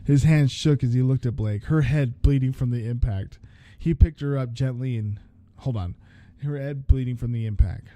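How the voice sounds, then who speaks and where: A man's voice: mid-range voice, normal speed, mellow, dry recording. A man hosting a podcast, reading a horror story aloud, often stopping to restart lines and comment on the text. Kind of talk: story reading with casual asides.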